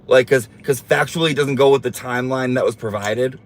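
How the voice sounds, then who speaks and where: A man's voice: mid-range voice, brisk. Sassy man hosting a livestream. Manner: sassy, campy, teasing. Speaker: livestream host reading viewer comments. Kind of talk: casual livestream chat.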